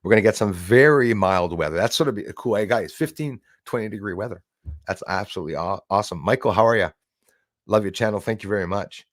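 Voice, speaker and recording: Man, low voice, dry sound, casual rambling stream host reading out the chat. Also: fast, no room sound. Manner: rambling, greets chat viewers by name.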